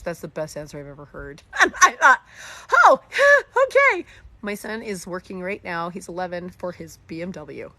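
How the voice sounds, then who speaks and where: Bright, animated woman hosting a live chat. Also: fairly low pitch, no room sound. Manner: animated, talks in quick bursts and acts out dialogue. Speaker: host of a live homeschooling session. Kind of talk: live-stream chat answering viewer comments.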